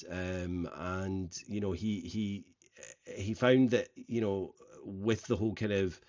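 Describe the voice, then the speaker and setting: A man's voice: fairly low pitch, darkish tone. A middle-aged man hosting a podcast, opening it with a casual, rambling solo talk full of fillers and restarts. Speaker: podcast host. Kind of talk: casual solo intro monologue. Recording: slightly dull lo-fi sound.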